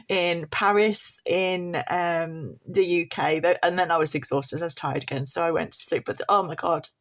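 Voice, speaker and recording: A woman vlogging casually from her bed at home, rambling and laughing often while she gets over tonsillitis with a sore throat. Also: lowish voice. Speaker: budgeting vlogger. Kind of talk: casual chat to camera.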